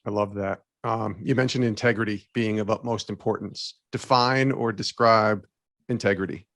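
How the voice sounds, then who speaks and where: A man interviewing a guest, asking slow, measured questions. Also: on the low side, steady tone, a bit bright, dry recording, clean studio sound.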